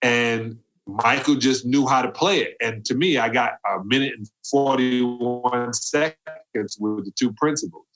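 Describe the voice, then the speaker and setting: Unhurried yet hardly pausing, this ex-basketball player in his fifties tells career stories as a podcast interview guest. He acts out the voices of people he quotes with dramatic pitch swings.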